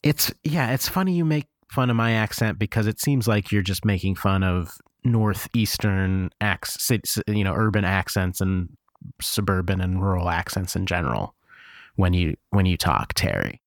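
A man from Scranton, Pennsylvania, with a low-pitched voice at normal speed, co-hosts an improvised comedy podcast, teasing and needling his partner. The recording is clean studio sound with no echo.

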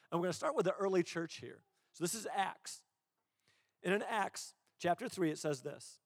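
A man's voice: on the high side, studio quality. A male pastor preaching a sermon in a church auditorium. He talks in a conversational, self-deprecating way and often repeats words as he restarts. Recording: long hall reverb.

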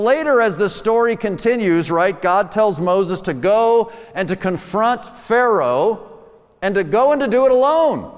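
A man's voice: high voice, clear, resonant tone, long reverb tail. A man preaching a sermon in a conversational style, asking rhetorical questions and quoting scripture.

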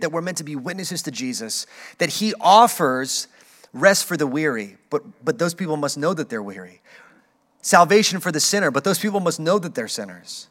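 A man's voice: a little high, a bit bright. A man preaching a sermon in a casual, conversational way, with playful acted asides. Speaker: pastor.

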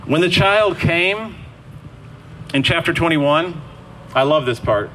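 A man's voice: fairly high pitch, lively intonation, slow pace, sharp tone, slight background noise, rough recording. A man preaching a sermon in a casual, conversational way, acting out the quoted lines as he goes.

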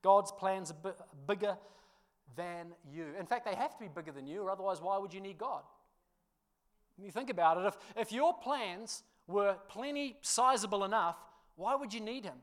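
A man preaching, telling a funny personal story with laughter before turning to a quieter sermon. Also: high voice, moderate pace. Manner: animated storyteller, laughs through the tale, drops quiet for scripture. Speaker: pastor.

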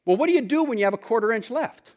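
Animated high-voiced pastor preaching. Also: male voice, fast. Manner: animated storytelling, rises to shouts; conversational asides to the audience. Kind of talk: sermon.

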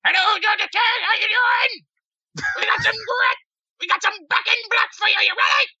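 A high, shrieking older rock frontman with a gravelly edge. He yells every line in a strained, piercing screech, pushed well above his normal voice. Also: animated, normal speed, dry recording, highs cut off, heavily acted. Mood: rowdy.

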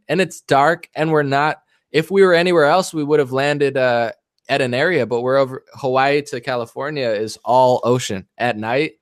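A man's voice: medium pitch, fairly even intonation, normal speed, clean tone, no room sound, clean studio sound. A man hosting a podcast in casual chat, rambling and joking as he tells stories. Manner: rambling and jokey. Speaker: podcast host.

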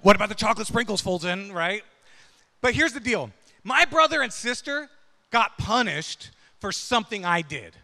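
A man's voice: sits high, sharp tone, long reverb tail. A man preaching a sermon through a personal story, talking conversationally and checking in with listeners with "right?" and "yeah?". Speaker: pastor.

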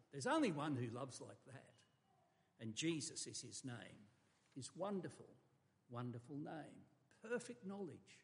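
High-voiced man preaching in a hall. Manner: emphatic, varies volume for effect, occasional stumbles. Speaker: pastor. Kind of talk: sermon. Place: church. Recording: long reverb of a church hall.

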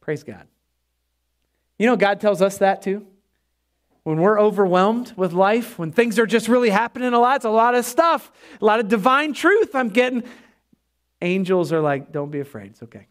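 High-voiced energetic male preacher. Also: normal speed, long pauses. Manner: energetic preaching with call-and-response asides. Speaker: pastor. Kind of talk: sermon. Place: church.

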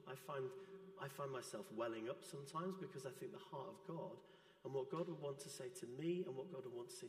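A man preaching a sermon in a church, gentle and earnest. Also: mid-range voice, echoey room, in a large hall. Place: church hall.

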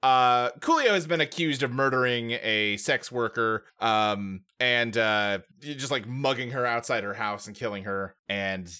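A man with a bright, forceful voice talks through a film's plot in a relaxed podcast chat. He walks through each scene in detail and breaks into chuckles as he goes. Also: mid-range voice, unhurried, hardly any pauses, smooth. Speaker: podcast co-host. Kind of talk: casual movie recap chat.

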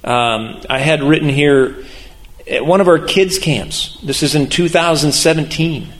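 Middle-aged male pastor, slightly high voice, lively and chatty, laughs often. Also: measured pace. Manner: animated and conversational, laughing often. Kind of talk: sermon.

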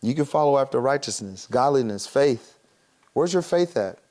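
A man's voice: medium pitch, lively intonation, darkish tone. Casual laughing male preacher. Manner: casual, laughing often, acts out quick voices. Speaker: pastor. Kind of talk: sermon.

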